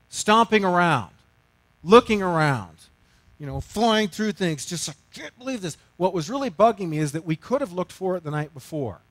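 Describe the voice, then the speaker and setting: A middle-aged male pastor telling a story in a sermon, self-mocking and animated, swinging from loud to hushed. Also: on the high side, dry recording.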